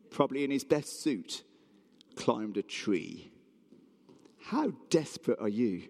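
A man's voice: mid-range voice, dark tone. A man preaching a sermon in a church hall, telling a story with animation and asking the audience questions.

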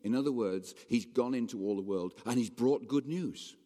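A man preaching a sermon in a conversational, animated way, asking his congregation rhetorical questions. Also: mid-range voice, moderate pace. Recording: long hall reverb.

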